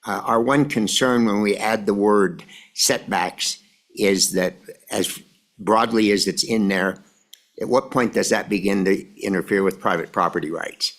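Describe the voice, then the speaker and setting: A man giving formal, measured testimony to a committee, addressing the chair. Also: fairly low pitch, fairly bright tone. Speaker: industry representative testifying.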